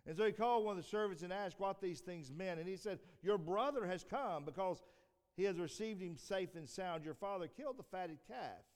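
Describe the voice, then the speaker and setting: A man preaching a sermon who repeats and restarts his phrases, rises to emphatic peaks, then trails off low. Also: expressive, a little fast. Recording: long hall reverb.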